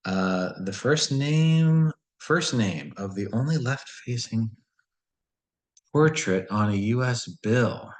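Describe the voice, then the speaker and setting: A man's voice: mid-range voice, animated, slow, poor audio. A man solving a word puzzle and thinking aloud in a casual, musing way, often questioning himself. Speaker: puzzle solver.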